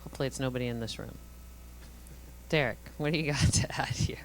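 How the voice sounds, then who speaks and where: A woman moderating a conference panel, brisk as she hands the turns to the speakers. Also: extremely low pitch, low-quality recording. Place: conference stage.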